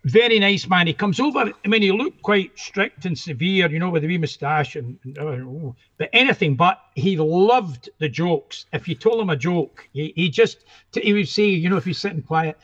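A man's voice: sits high, animated, normal speed, a bit bright. An older man with a Scottish accent, a guest musician telling anecdotes in a rambling, self-interrupting way, on a dull lo-fi recording.

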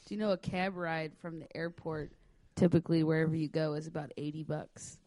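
A playful woman rambles through a story as a podcast co-host, her voice sitting a touch low. She talks into a close mic in a dry, dead room. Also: level tone, fairly quick, warm tone, no room sound. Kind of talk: casual chat.

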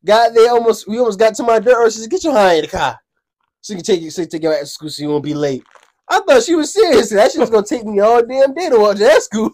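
A young man in casual chat, telling childhood stories in an animated way, laughing often and acting out quoted voices. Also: high-pitched, fast. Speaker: storyteller.

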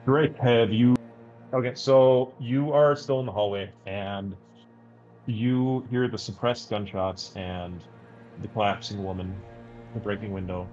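A man running a tabletop horror game as game master, narrating scenes in a slow, measured way. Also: fairly low pitch, level tone, darkish tone, highs cut off, faint music behind.

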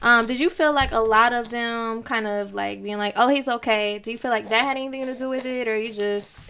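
Bright-voiced woman hosting an interview. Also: a little high, steady tone, a little fast, a little hiss or hum. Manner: short affirming responses, gentle probing questions. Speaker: host. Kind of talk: conversational interview.

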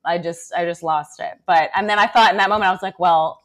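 A mother chatting casually as a podcast co-host, telling an animated story with lots of fillers. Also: lowish voice, quick pace. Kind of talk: casual chat.

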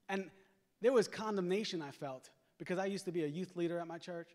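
A man's voice: sits high, fast talker, darkish tone. A man preaching in a church, telling his own story in a conversational way and calling on the congregation to answer back. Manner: conversational storytelling with call-and-response exhortation. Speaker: guest preacher giving testimony. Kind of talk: sermon testimony. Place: church sanctuary. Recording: long reverb of a church hall.

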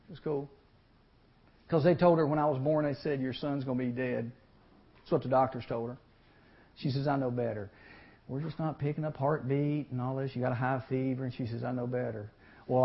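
Animated man preaching, lo-fi sound. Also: medium pitch. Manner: animated, acts out voices in the story. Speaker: youth speaker. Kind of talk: storytelling sermon. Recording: lo-fi recording.

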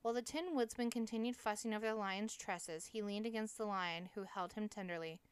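Woman reading a novel aloud, smooth clear voice. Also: mid-range voice, no echo. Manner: steady, measured reading. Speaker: audiobook reader. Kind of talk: audiobook narration.

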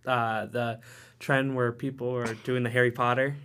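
A woman guesting on a casual podcast chat, talking in a relaxed, dry-humored way. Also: extremely low pitch, moderate pace, clear, resonant tone. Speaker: podcast guest, restaurant cook.

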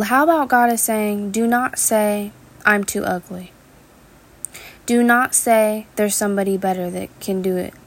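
A woman giving an earnest devotional Bible teaching, repeating phrases in a preaching cadence. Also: mid-range voice.

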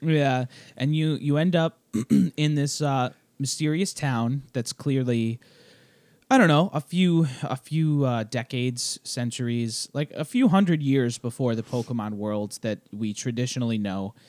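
A man co-hosting a casual podcast chat while a little sick, clearing his throat, explaining things wryly with lots of fillers. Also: mid-range voice, a little slow, a little mellow, no room sound. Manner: chatty, wry, explains game at length with many fillers. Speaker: podcast co-host.

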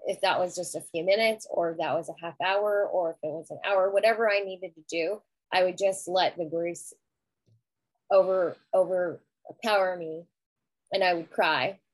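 A woman's voice: fairly low pitch, steady tone, normal speed, no echo, poor audio. A middle-aged woman talking earnestly and reflectively in a casual conversation, with frequent restarts. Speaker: guest sharing grief experience.

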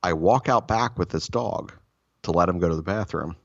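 A man's voice: deep voice, normal speed, creaky, dull audio. A man telling rambling, profane, self-mocking stories in a casual chat.

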